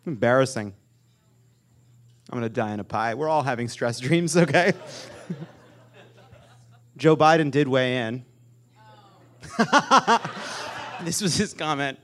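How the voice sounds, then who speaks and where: A man hosting a live comedic political talk show on stage, joking and animated, with loud emphatic bursts. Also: mid-range voice, a little slow, pauses often, smooth. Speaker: podcast host.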